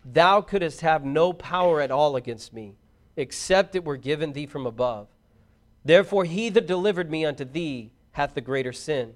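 A man reading the words of Jesus, a calm condemned man, slowly and gravely. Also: fairly high pitch, lightly acted.

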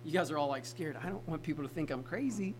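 Fast and highish in pitch, a pastor preaches in an easygoing, conversational style, talking straight to the congregation and frequently asking questions. Background noise is audible.

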